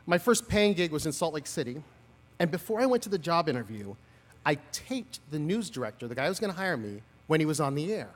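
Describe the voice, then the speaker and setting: A man in his forties speaks at a podium at an outdoor graduation ceremony, his voice pitched high and swinging widely as he spins funny, self-deprecating stories. The PA throws a long reverb tail across the lawn behind each phrase. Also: a little fast. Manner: animated, humorous, self-deprecating storytelling. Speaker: commencement speaker. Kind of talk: graduation speech.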